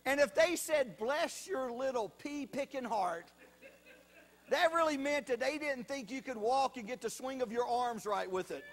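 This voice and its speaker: A man's voice: very high-pitched, moderate pace, hardly any pauses. A man telling folksy stand-up comedy stories, drawing out his punchlines.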